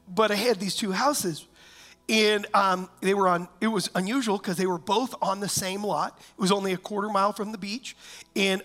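A man's voice: high-pitched, sharp tone. A man, a pastor, preaching a sermon in church, telling a personal story and often asking the congregation whether they know what he means.

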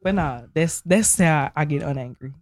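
A woman co-hosting a casual podcast chat, expressive and quick to laugh. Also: deep voice, no echo. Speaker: co-host.

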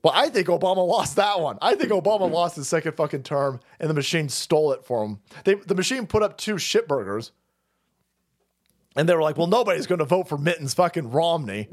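A man's voice: on the high side, very animated, fairly quick. A man hosting a livestream, ranting profanely and sarcastically, often laughing. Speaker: host. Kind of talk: livestream political rant.

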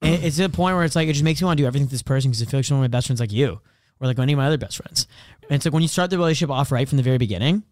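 A man's voice: medium pitch, very fast, a little mellow, no room sound, clean studio sound. A young man chatting as a podcast co-host, telling crude stories bluntly and acting out quotes. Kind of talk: casual chat.

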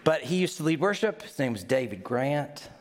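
A man's voice: medium pitch, very animated, moderate pace. A man with a Midwestern accent preaching a sermon as pastor, conversational, putting questions to the congregation and acting out little scenes in mock voices.

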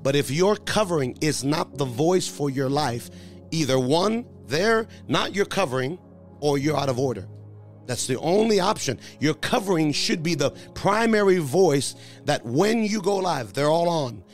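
Emphatic preacher man, higher voice. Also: expressive, measured pace, faint music behind. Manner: emphatic call-and-response preaching. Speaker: pastor. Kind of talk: sermon.

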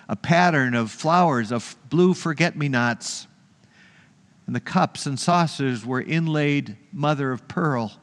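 Pastor, male, earnest storytelling sermon delivery, higher-pitched voice, long church reverb.

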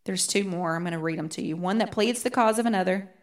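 A woman teaching a Bible study, rereading verses slowly and earnestly. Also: lowish voice.

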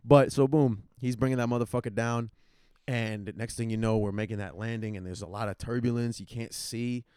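A young man, co-hosting a casual podcast and telling a story in a profane, animated way. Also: medium pitch, a little fast, clean tone, dry recording, studio quality. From New York. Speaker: podcast co-host.

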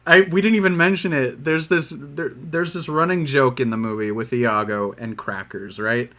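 A man's voice: medium pitch, pushed and bright. A man co-hosting a podcast, chatting casually about a movie with many fillers and restarts. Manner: rambling, many fillers and restarts, quick quoted voices. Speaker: podcast co-host.

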